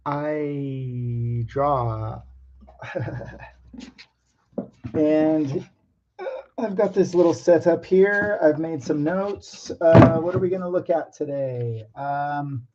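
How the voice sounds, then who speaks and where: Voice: mid-range voice, slow pace, muffled recording, background noise. An artist talking casually to camera about drawing, hesitant and nervous, with many ums and restarts and some self-mocking asides.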